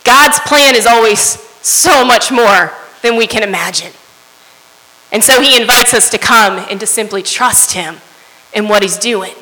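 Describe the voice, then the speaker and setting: A woman's voice: on the high side, a little slow, pushed and bright. A woman preaching a sermon in an earnest way, often asking her listeners "right?" as she goes. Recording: long hall reverb.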